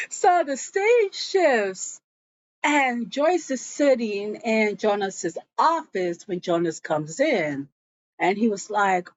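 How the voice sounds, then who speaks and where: A woman retells a drama episode in a chatty, storytelling way, her pitch swinging up and down as she goes. She takes her time over each beat. The sound is a little dull and lo-fi. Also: slow pace. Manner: animated storytelling that slips into the characters' lines. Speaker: show recap vlogger. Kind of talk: casual episode recap. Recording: dull lo-fi audio.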